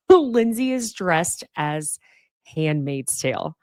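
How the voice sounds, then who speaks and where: A woman's voice: low-pitched, big pitch swings, drawn-out words, darkish tone, no echo, clean studio sound. A woman hosting a casual reality TV recap podcast, sarcastic and swearing freely as she mocks the cast. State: fighting off sneezes. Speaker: podcast host.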